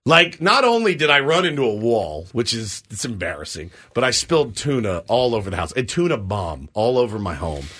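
A man co-hosting a morning sports radio show, telling a self-mocking story in an animated way and acting out the scenes. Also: mid-range voice, a little fast, hardly any pauses.

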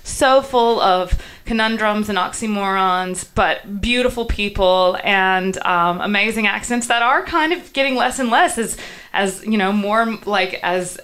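A woman's voice: medium pitch, fairly bright tone. A woman in her thirties from the Southern United States, with a faint Southern accent, chatting as a guest in an interview, with many fillers and restarts. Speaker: guest journalist. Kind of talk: casual interview chat.

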